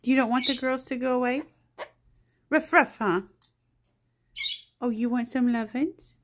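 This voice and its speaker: A woman's voice: high voice, flat delivery, fairly quick. A woman filming her pet cockatoo on a phone at home, scolding it and cooing at it in playful baby talk. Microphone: phone held in hand.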